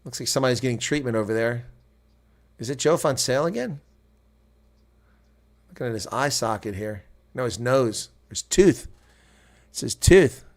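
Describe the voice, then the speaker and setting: An American man with a mid-range voice calls a rugby match live as a reaction stream. He chats casually with his viewers between plays. He erupts into loud shouts when the action heats up. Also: mid-range voice, normal speed, pauses often. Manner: excitable, jumps to loud shouts at big plays; chatty asides to viewers. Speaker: host. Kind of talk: live reaction play-by-play commentary.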